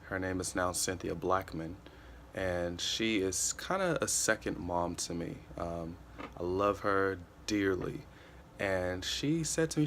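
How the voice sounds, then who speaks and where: A man's voice: deep voice, slow, a bit bright, a little hiss or hum. A man in his twenties giving an earnest, casual motivational talk, often repeating himself and saying "you know.". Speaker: motivational vlogger.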